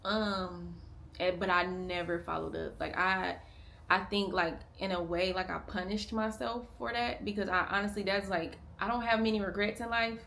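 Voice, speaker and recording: A young woman in her own family vlog, opening up to the camera in a halting, unscripted way. She keeps restarting, leans on "like" fillers, and sometimes drops to a hushed, strained tone. Her pitch sits at a middle level for a woman. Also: steady tone, gravelly. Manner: emotional, at times hushed and strained. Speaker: family vlogger. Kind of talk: candid confessional vlog talk.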